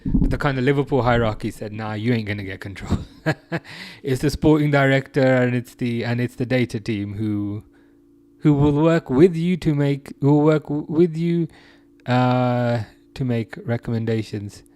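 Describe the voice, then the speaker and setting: With a mid-range, darkish voice and a measured pace, this young English live stream host chats casually while reading out viewer comments. He laughs a lot, leans on fillers, and keeps restarting what he's saying.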